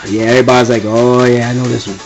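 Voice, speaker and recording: A man's voice: mid-range voice, level tone, fast talker, lo-fi sound, soft background music. Exasperated young man ranting. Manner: exasperated, rambling, repeats himself. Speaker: vlogger ranting. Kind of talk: casual rant to camera.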